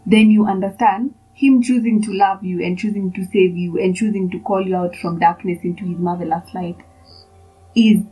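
A woman's voice: medium pitch, steady tone, normal speed, dark tone, slightly rough, faint music behind, poor audio. A young woman hosting a podcast, talking in a chatty, rambling way full of fillers as she shares a casual devotional. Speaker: podcast host.

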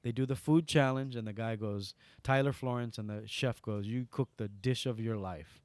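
A man with a Hawaiian accent, a guest in an interview, who tells stories animatedly and swings from loud bursts to soft asides. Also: medium pitch, moderate pace, no room sound. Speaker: guest entertainer. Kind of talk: storytelling interview.

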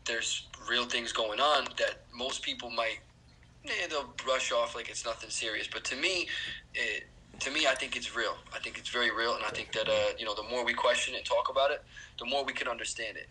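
A man speaking as a podcast guest, earnest and hesitant, often pausing with fillers. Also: mid-range voice, sharp tone, slight background noise, poor audio. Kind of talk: casual chat.

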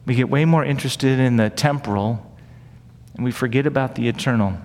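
A man's voice: mid-range voice, brisk, darkish tone, big-room sound. A man preaching a sermon in an earnest, conversational way, often asking rhetorical questions. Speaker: pastor. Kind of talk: sermon teaching.

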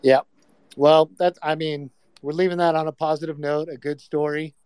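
A man with a fairly high, smooth voice hosts a casual group chat. He swears freely and calls on each speaker in turn. The sound is dry and close. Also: flat delivery, normal speed, darkish tone, dry recording. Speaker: host.

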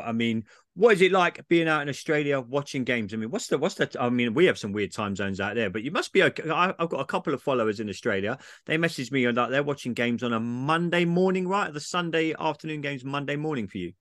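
A man's voice: medium pitch, animated, a bit bright, no echo, studio quality. A man with an English accent hosting a podcast, asking questions in an eager, repetitive way. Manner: fast, enthusiastic, repeats himself. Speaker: podcast host. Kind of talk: casual podcast interview.

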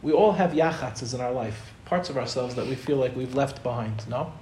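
Man teaching a spiritual talk, conversational storyteller, average pitch, echoey room, faint ambience. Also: normal speed, a little mellow, slight background noise. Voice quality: conversational, acts out quotes in storytelling. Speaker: Torah teacher. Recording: roomy echo, faint ambience.

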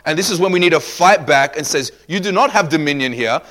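A man's voice: a little high, lively intonation, a little fast, fairly bright tone. A man preaching a sermon as pastor, emphatic, acting out quoted people in asides.

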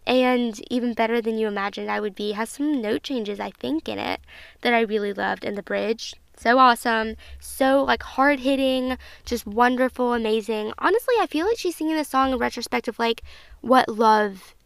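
A woman's voice: fairly high pitch, moderate pace, creaky, clear, resonant tone, dry recording. A woman in her twenties hosting a casual podcast review, chatty and gushing, full of fillers, emotional at times. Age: 20s. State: emotional, near tears at times. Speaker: podcast host.

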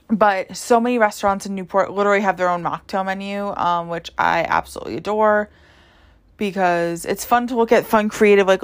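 A young woman hosting a podcast, telling a story casually with lots of "like" and "um" fillers. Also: mid-range voice. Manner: chatty, heavy use of "like" and "um". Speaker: podcast host.

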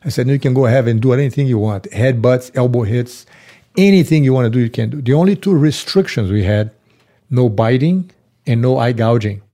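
Mellow-voiced man recalling, blunt. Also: mid-range voice, brisk. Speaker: interviewee. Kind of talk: casual recollection.

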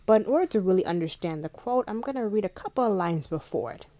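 This book review podcast host has a mid-range voice and a quick pace. She animatedly recounts a favorite scene with playful quoted asides, reads an advertisement, and reads a passage aloud, all in a chatty, casual manner.

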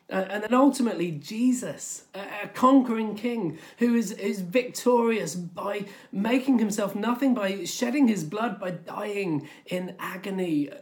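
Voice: mid-range voice, measured pace, hardly any pauses, darkish tone. Preacher in a sermon, chatty, storytelling, says like a lot. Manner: conversational, storytelling, with fillers like "like".

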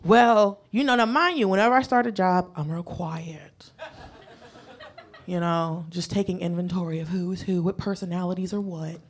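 A woman's voice: on the low side, steady tone, moderate pace. A woman doing stand-up, telling a profane story and acting out the voices of the people in it. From United States. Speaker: stand-up comedian. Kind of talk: stand-up comedy set.

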